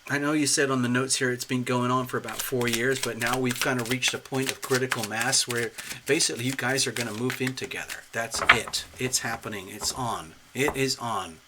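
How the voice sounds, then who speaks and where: A man hosting a live-stream tarot reading, chatty and excitable, talking straight to viewers and clients. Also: mid-range voice, fairly quick, heavy background noise. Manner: chatty, excitable, laughs often. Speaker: tarot reader, channel host.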